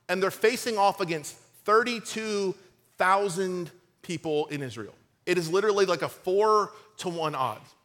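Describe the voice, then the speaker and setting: A man preaching a sermon, retelling a scripture story in a casual, animated way with playful asides and acted-out quotes. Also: high voice. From United States. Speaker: pastor.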